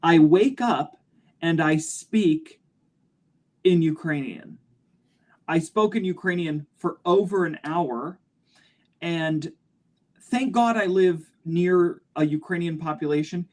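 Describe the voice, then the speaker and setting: A man talks on a panel discussion. His delivery is clear, crisp and measured, each word set down carefully. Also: on the high side.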